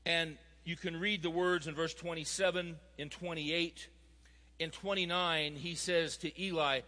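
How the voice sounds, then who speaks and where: High, bright-voiced male preacher in a hall. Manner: emphatic, with rising intensity. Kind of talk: recorded sermon. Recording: long hall reverb.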